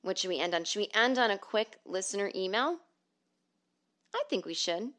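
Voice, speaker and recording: A woman's voice: mid-range voice, moderate pace. A middle-aged woman hosting a solo comedy podcast from home, reading stories and listener emails with sarcastic, profane asides. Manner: profane, sarcastic, animated storytelling.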